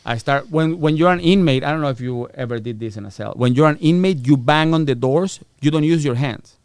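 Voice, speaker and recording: A man's voice: a little high, fairly quick, darkish tone, clean tone, no room sound. A middle-aged man, a podcast guest, telling stories with profanity and acting out the voices of the people in them. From United States. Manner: profane, acts out quoted voices. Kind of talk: animated storytelling interview.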